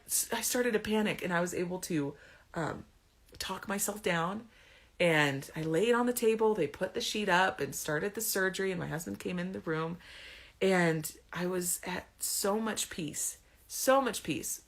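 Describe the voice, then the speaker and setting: A woman's voice: fairly low pitch, measured pace. A woman in her thirties candidly telling a personal story to camera, chatty and emotional, laughing between sentences. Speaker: vlogger.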